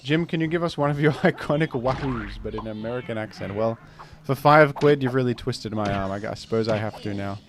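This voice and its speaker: A man's voice: medium pitch, fairly quick, hardly any pauses. A young man streaming a game, reading chat with dry, joking banter. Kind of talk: casual gameplay commentary.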